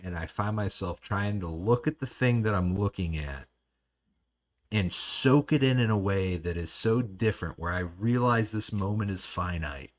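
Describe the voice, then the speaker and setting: A man's voice: sits low, normal speed. A man hosting a podcast, talking in a reflective way and searching for his words. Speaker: podcast host. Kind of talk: casual chat.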